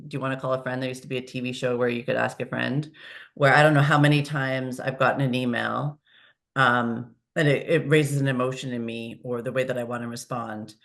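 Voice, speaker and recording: A woman talking as a podcast guest, lively and acting out the dialogue she quotes. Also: a bass voice, a little fast. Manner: animated, acts out quoted dialogue. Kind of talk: conversational interview. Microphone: video call.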